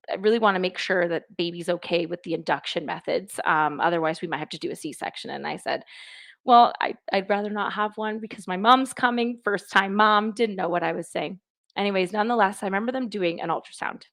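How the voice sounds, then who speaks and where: A woman's voice: on the low side, a bit bright. A woman telling her own story on a live chat, emotional at times and retelling what others said, with restarts. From Canada. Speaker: guest sharing her birth story.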